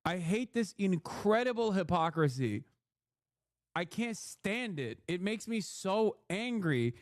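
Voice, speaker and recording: A man's voice: sits high, very animated, slow pace, no echo, clean studio sound. A man giving a profane, exasperated live-stream rant, mocking and talking straight to his chat. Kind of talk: ranting live-stream commentary.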